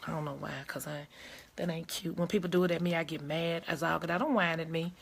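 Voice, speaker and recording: A woman's voice: deep voice, fairly even intonation, fast talker, gravelly, a little hiss or hum. A woman hosting a live advice video, talking emphatically and straight to her viewers in a casual, preachy way. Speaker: host of a live advice video, lawyer and judge.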